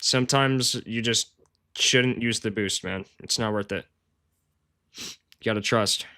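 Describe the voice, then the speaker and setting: This man's voice sits fairly low, with a measured pace and a pushed, bright quality. Doing sports betting research on a live stream, he talks loosely with viewers, full of slang and frequent "bro"s, and he's self-deprecating and quick to laugh.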